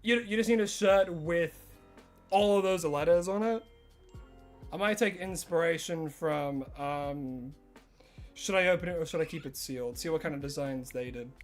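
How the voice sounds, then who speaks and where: A man's voice: a little high, moderate pace, soft background music. A man with an Australian accent chatting casually with viewers on a livestream, rambling and filling his talk with "like". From Tasmania, Australia. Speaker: streamer.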